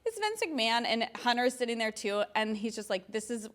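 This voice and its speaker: A woman in her thirties, a guest in a casual interview, telling animated stories with lots of laughter and acted-out quotes. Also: on the high side, a little fast. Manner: giggly, animated, quotes others in voices.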